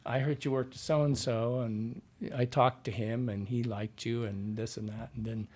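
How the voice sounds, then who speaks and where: A man's voice: mid-range voice, steady tone, moderate pace, darkish tone. A man who works as a dialect coach, telling stories in a rambling, casual interview with many fillers and restarts.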